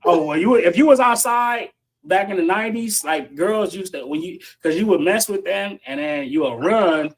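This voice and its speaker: A man hosting a livestream and telling an animated, profane childhood story in casual slang, laughing often. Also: high voice, moderate pace. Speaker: stream host. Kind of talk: casual group chat on a livestream. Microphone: online call.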